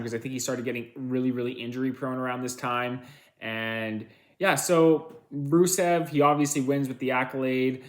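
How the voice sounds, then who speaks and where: A man's voice: medium pitch, fairly bright tone. A man casually recapping old wrestling matches, rambling with fillers and restarts, a bit tired. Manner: rambling, filler-heavy, self-correcting. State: tired, yawning. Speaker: wrestling reviewer.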